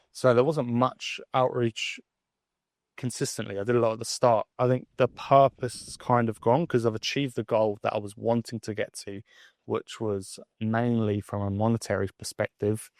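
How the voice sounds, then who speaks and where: A man's voice: medium pitch, no room sound, clean studio sound. A man in his twenties talking candidly to camera in a reflective personal monologue, rambling with fillers and restarts. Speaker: vlogger.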